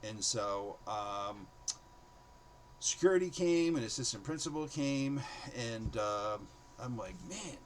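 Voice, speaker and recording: Man telling teaching stories, lively pitch. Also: slow pace, slight background noise, rough recording. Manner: animated, acts out students' voices in quotes. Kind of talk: casual storytelling monologue.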